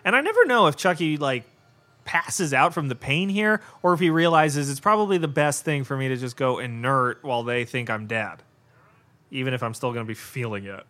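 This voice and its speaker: Podcast host, male, average pitch, excitable live movie commentary, casual and profane. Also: moderate pace. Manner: excitable, reacts aloud with frequent laughs and exclamations; casual and profane, with lots of fillers like "like" and "God".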